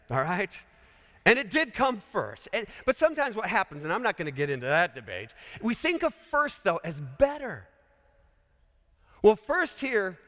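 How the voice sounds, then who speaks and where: A man's voice: a little high, fairly bright tone. A man from Colorado preaching a sermon in a chapel, conversational and full of joking asides. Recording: echoey hall.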